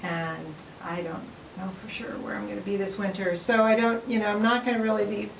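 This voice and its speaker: A woman's voice: mid-range voice, fairly even intonation, a little fast, gravelly, noisy background. A middle-aged woman chatting casually to the camera at home, rambling with frequent ums and restarts. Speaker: vlogger. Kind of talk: casual home video chat. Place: her home, indoors.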